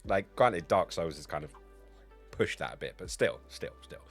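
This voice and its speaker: A man's voice: low voice, lively intonation, normal speed, soft background music. A man in his thirties chatting casually on a game livestream, rambling, crude and joking. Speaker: game streamer.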